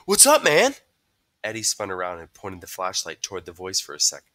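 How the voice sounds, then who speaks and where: A man's voice: low voice, quick pace, bright, forceful tone. A man reading a novel aloud, telling the story expressively and voicing each character. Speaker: reader.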